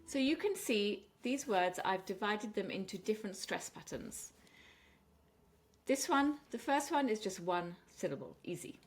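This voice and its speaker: Woman going over an english pronunciation quiz, slow and careful on each word. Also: mid-range voice, sing-song, faint music behind. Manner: clear, deliberate, stressing words slowly. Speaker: English teacher. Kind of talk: pronunciation lesson.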